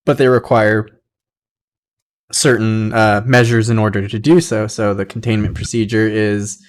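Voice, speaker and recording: A man's voice: on the low side, little pitch movement, normal speed. A young man hosting a podcast, casually reading aloud and rambling with side comments. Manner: rambling, many fillers, laughs at own asides. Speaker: podcast host.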